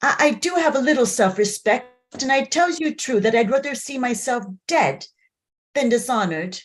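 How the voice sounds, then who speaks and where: Eine Frau spielt ein schüchternes Bauernmädchen. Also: female voice, on the high side, expressive, moderate pace, natural voice. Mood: shy. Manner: rustic ungrammatical speech, hesitant. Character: naive young peasant girl, shy and trusting. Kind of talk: play reading. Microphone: video call.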